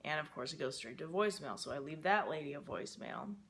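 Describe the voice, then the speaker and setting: A woman's voice: low voice, lively intonation, quick pace, a bit bright, a little hiss or hum. Young woman vlogging, rambly and emotional, lots of ums, kinda stressed out. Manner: rambling, emotional, many fillers. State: stressed and frustrated. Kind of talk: casual personal vlog.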